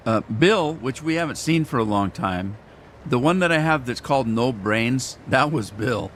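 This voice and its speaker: Older man, casual rambling game commentary, mid pitch, faint noise behind. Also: expressive, moderate pace, a bit bright. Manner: rambling, chatty, self-deprecating. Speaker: gaming streamer.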